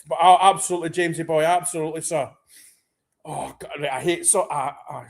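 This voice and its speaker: A man reacting live as a football fan, excitable and anxious, stammering and restarting his sentences. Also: a little high, brisk, creaky. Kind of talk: live match watchalong reaction.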